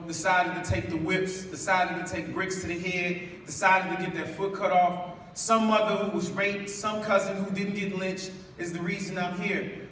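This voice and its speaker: A man in his late forties from Chicago's West Side, giving a preacherly spoken-word speech to a school audience, calling for responses and building to loud emphatic lines. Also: sits high, a little hiss or hum. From West Side of Chicago, USA. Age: 40s. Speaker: spoken word poet and speaker. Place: large school hall. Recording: echoey hall from far off.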